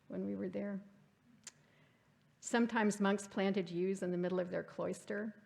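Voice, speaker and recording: A woman's voice: lowish voice, vocal fry, darkish tone. A woman giving a reflective literary lecture at a church forum, reading passages aloud and asking the audience questions. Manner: reflective, reads quotes aloud. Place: church hall.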